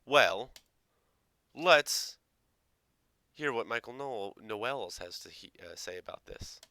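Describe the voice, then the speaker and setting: Sarcastic man with a bright crisp voice. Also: lowish voice, lively intonation, slow pace, no echo. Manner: sarcastic, swearing, mocking quotes. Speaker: reaction video host. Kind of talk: casual reaction commentary.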